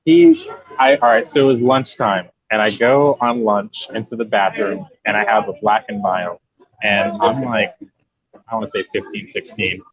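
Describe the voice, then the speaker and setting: A young man from Massachusetts, a podcast guest, telling stories in a lively, joking, emphatic way and swearing freely. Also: fairly low pitch, normal speed. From New Bedford, Massachusetts. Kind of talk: casual storytelling chat. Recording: dull lo-fi podcast audio.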